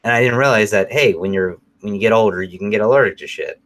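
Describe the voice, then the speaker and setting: A man's voice: on the low side, quick pace. A middle-aged man co-hosting a show, chatting casually and telling stories in a rambling, profane way. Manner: profane, rambling, animated storytelling. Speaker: podcast co-host.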